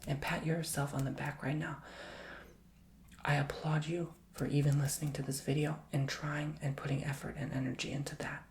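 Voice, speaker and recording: A man giving a soft-spoken ASMR tarot reading, gently encouraging the listener and slipping often into a whisper. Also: fairly high pitch, little pitch movement, moderate pace, creaky, a little hiss or hum. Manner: affectionate, emotional cheering on the listener. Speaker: tarot reader and ASMR host.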